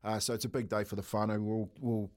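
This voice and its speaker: A man's voice: fairly low pitch, level tone, fast, darkish tone. A middle-aged man with a New Zealand accent, co-hosting a radio show and telling stories casually, laughing often. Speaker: radio co-host. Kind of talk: casual storytelling.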